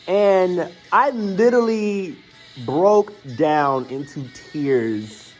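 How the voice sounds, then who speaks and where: A young adult man in a late-night confessional vlog, talking at home in a rambling, emotional way with lots of filler words. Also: on the high side. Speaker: vlogger.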